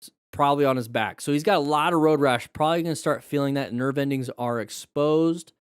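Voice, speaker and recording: Brief: male stream host, slightly high voice, chatty and jokey, dry close mic. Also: brisk, smooth, dry recording. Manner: chatty, joking, first-aid explainer. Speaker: live-stream host reviewing crash videos. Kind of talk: casual live-stream commentary.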